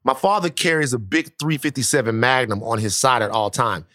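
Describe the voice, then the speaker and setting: A man telling a long personal story in casual chat, animated and profane, often restarting his sentences. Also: mid-range voice, fairly quick, no echo, clean studio sound.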